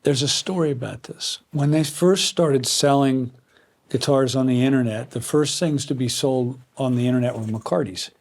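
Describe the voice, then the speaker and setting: An older man being interviewed about building guitars, telling stories in a lively way and acting out the people he quotes. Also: medium pitch, normal speed. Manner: animated anecdotes, acts out quoted voices. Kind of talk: conversational storytelling.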